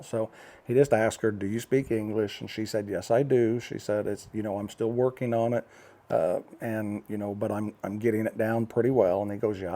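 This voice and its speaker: Mellow-voiced older American man vlogging. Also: fairly low pitch, vocal fry. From United States. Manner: rambling storytelling with fillers and restarts. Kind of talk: casual talking-head vlog.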